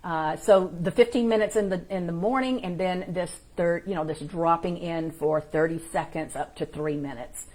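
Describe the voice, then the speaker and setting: A woman's voice: lowish voice, moderate pace, hardly any pauses, darkish tone. Encouraging woman hosting a spiritual stream. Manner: informal and encouraging, greets viewers in the chat by name. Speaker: spiritual teacher and host. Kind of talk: live-streamed spiritual teaching.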